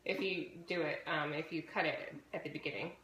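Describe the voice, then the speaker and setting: A woman walks through a recipe in a casual, instructive way, often checking in with her viewers. Her voice is bright and forward. The room is echoey, with faint background noise. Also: sits low, fairly even intonation, a little fast. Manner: chatty, instructive, frequent "okay?" check-ins. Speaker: fitness challenge host. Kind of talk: casual cooking demonstration.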